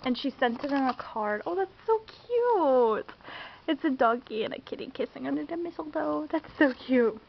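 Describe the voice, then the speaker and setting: A woman's voice: sits high, a little fast, gravelly, hardly any pauses. A young woman chatting casually through an unboxing, gushing and giggling. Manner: bubbly and gushing, squeals and giggles often. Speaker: vlogger. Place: home room indoors. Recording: dull lo-fi home camera audio, faint hiss.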